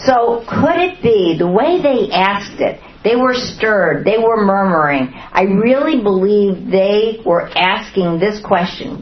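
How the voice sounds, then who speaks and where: A woman's voice: medium pitch, lively intonation, slow pace, hardly any pauses. A woman teaching a Bible study to a group, often asking the listeners questions and acting out the quotes she reads. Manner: asks the listeners many questions, acts out quotes. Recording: roomy, dull lo-fi recording.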